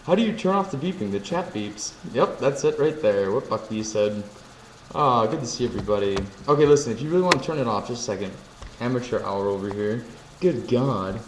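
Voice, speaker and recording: A man's voice: mid-range voice, animated, brisk. A man hosting a live stream, chatting casually with viewers, joking and reading chat messages aloud. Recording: echoey room with faint ambient noise.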